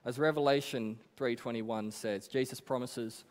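A man preaching a sermon in an earnest, emphatic way, with dramatic pauses. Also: mid-range voice.

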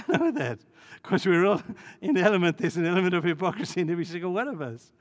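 High-voiced man preaching in reverberant hall. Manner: dramatic storytelling, acting out voices. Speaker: pastor. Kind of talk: sermon.

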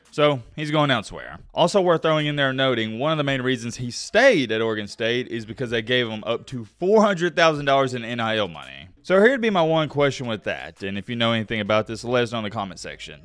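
A man hosting a casual sports commentary vlog, talking fast and animated, with sudden loud bursts. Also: mid-range voice, no room sound.

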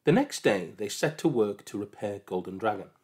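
A man calmly narrating a storybook aloud, with measured delivery. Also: fairly low pitch.

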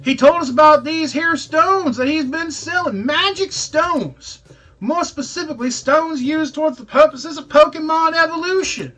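A man's voice: very high-pitched, normal speed, fairly bright tone, voice pushed up. A man voicing an earnest, grateful country farmer in a video game, with folksy rural talk. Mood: earnest praise.

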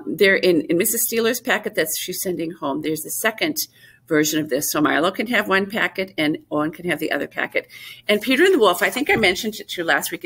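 A woman music teacher explaining things gently and simply to young children, with many fillers. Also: on the low side, husky. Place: school classroom.

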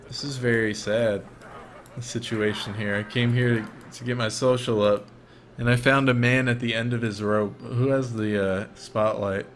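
A man streaming a life-simulation game, commentating casually and jokingly, with sudden excited outbursts. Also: medium pitch, normal speed, slight background noise.

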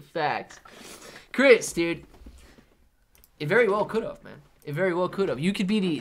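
A young man hosting a live market stream, chatting casually, reading out chat names and calling people man and dude. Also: a little high. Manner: casual, reads chat names and shout-outs, says man and dude a lot. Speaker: livestream host.

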